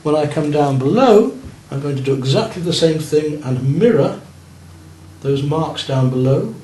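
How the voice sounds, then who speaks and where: A man's voice: on the high side, lively intonation, a little slow, warm tone. Man coaching a painting class. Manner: coaching and encouraging, checking on students' work. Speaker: art teacher. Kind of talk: live painting lesson for beginners. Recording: roomy room with faint noise.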